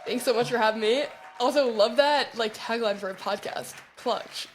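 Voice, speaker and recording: A woman's voice: a little high, moderate pace, slight background noise. Upbeat young woman on a podcast. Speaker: podcast guest. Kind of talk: casual podcast chat. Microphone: video call.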